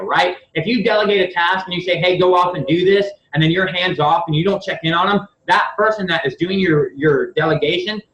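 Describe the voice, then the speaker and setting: A man's voice: fairly high pitch, fairly bright tone. A man talking as a CEO in a casual coaching session, blunt and profane, often restarting his sentences. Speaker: company CEO and guest speaker. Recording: echoey, far from the mic, dull and noisy.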